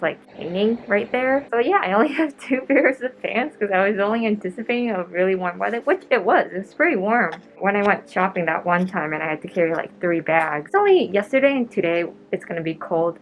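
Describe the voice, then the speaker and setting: A young woman chats casually into her handheld camera for a vlog, rambling and giggling between thoughts. Her voice sits at an ordinary middle pitch, with faint background noise. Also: low-quality recording. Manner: chatty, giggly, rambling with many "like"s. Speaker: vlogger. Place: outdoors in rain and wind, then indoors at home.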